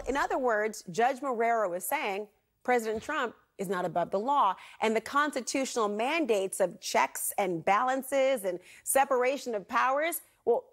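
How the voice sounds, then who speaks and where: A woman anchoring a television news show, presenting a legal story with pointed, emphatic delivery and rhetorical questions. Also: a little high. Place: television studio.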